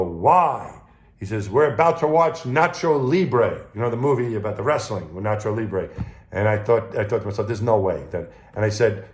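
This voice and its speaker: Man, former astronaut, anecdotal talk, lowish voice. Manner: anecdotal, conversational, warm retelling with acted quotes. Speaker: retired astronaut. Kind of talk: storytelling talk to camera.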